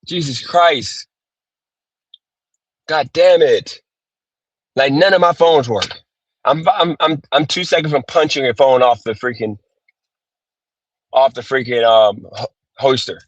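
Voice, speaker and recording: A man's voice: medium pitch, normal speed, long pauses, no room sound. Guy ranting on a phone stream in his car, swearing a lot, muffled dry audio. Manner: cursing, exasperated, repeats himself. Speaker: gig worker livestreaming. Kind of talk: frustrated live-stream rant.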